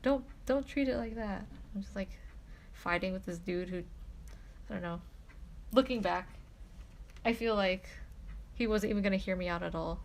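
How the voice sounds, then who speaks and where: A young woman streamer telling a story in casual chat, animated and full of fillers like "like" and "you know". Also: medium pitch, moderate pace, creaky, long pauses, slight background noise.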